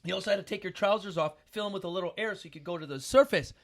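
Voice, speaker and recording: A middle-aged man hosting a casual talk show, telling a story with animated bursts of loud acting-out. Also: sits high, very fast. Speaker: podcast host.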